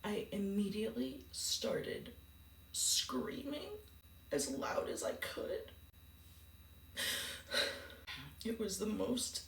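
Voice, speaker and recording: A woman's voice: very slow, pauses often, slight background noise. A woman vlogger telling a painful personal story in a subdued, grief-stricken way. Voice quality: gravelly low voice. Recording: echoey room from a distance.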